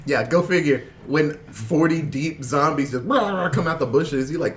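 Animated man recapping a movie. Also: on the high side, a little slow, hardly any pauses, slight background noise. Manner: animated storyteller, laughs often, mimics characters. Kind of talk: casual movie recap chat.

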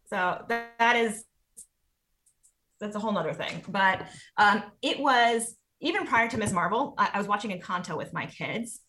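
Animated woman in her forties. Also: mid-range voice, normal speed. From United States. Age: 40s. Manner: animated, acts out her own reactions. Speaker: guest. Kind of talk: casual conversation.

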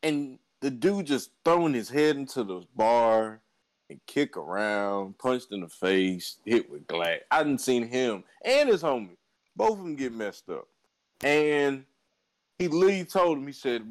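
A man co-hosting a casual podcast chat, telling stories in an animated way with laughs and stumbles over words. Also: medium pitch, unhurried, rough recording. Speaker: podcast co-host.

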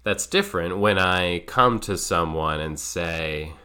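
A man who works as a child play therapist, speaking in a calm, measured, thoughtful way. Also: low voice, clean tone. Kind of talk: reflective solo talk.

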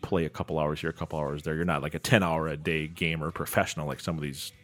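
A man's voice: rumbling low, steady tone, fast talker, a bit bright, soft background music. A middle-aged man co-hosting a podcast in casual, jokey chat. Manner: jokey, slips into silly put-on voices. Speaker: podcast co-host.

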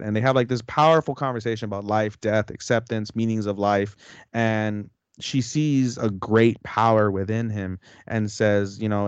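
A man's voice: fairly low pitch, steady tone, normal speed, clean tone, dry recording, lo-fi sound. Swearing, rambling male podcast host. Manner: rambling, heavy swearing, slangy. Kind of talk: casual recap chat.

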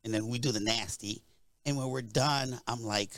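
A man's voice: mid-range voice, steady tone, moderate pace, fairly bright tone, no room sound. A young man co-hosting a podcast, telling a long, rambling story with lots of asides. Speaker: podcast co-host. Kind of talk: casual storytelling.

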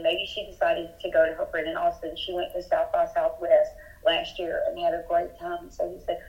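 A woman from Texas speaks as a guest over a muffled phone line. She tells her story in earnest and thorough detail. Her voice sits a little low. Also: flat delivery, a little fast, few pauses. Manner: earnest, detailed retelling with rising urgency. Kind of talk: telling a personal story by phone. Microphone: telephone.

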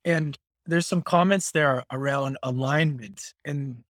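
A man's voice: mid-range voice, slow pace, a bit bright, no echo, studio quality. A man hosting a casual interview, affirming his guest and talking conversationally. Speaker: podcast host.

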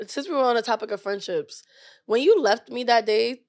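A young woman, chatting on a podcast in a fairly high voice. She tells stories with animated energy and laughs often. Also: a little fast. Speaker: podcast co-host. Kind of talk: casual chat.

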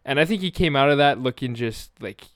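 A man's voice: medium pitch, expressive, brisk, dry recording, studio quality. A man co-hosting a sports podcast, talking casually and trailing off at the ends of his sentences. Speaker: podcast co-host.

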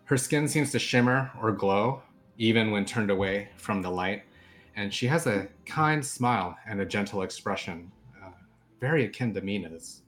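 A man's voice: lowish voice, lively intonation, moderate pace, soft background music. A man narrating as game master of a tabletop game, descriptive and loose, with many fillers.

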